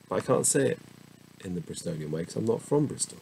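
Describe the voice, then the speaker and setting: A man's voice: sits low, animated, gravelly, a little mellow, a little hiss or hum, rough recording. A tired middle-aged man, casually reading dictionary entries aloud with musing asides. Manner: slow, musing, chatty asides.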